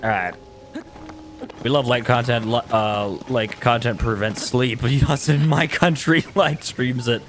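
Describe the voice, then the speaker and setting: A man's voice: medium pitch, fairly even intonation, unhurried. Joking young man streaming a game. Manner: joking, chuckles often, talks to chat. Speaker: live-streaming gamer. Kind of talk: casual live-stream chat while playing. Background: game music.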